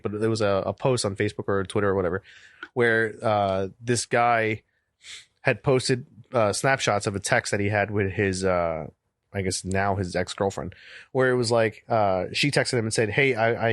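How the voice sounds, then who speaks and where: A man's voice: fairly low pitch, dry recording. Brief: man, thirties, podcast co-host, loose rambling storyteller, dry close mic. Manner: rambling storyteller, swears freely. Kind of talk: casual podcast chat.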